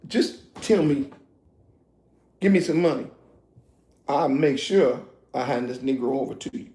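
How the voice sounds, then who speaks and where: A man's voice: mid-range voice, measured pace, voice pushed down, lightly acted. A man voicing Delilah as a scheming, seductive woman who whines and pretends to be sad, in an echoey room. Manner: soft, whiny, sulking.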